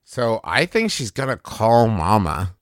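A man's voice: on the low side, sing-song, unhurried, dry recording, clean studio sound. A man playing a tabletop game, musing hesitantly about his character's moves. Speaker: player. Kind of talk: casual game talk.

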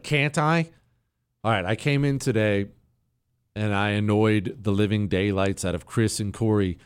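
A man hosting a casual opinion talk show, sarcastic and animated, riffing and mocking as he talks. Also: mid-range voice, no room sound, studio quality. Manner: sarcastic, animated, riffs and mocks.

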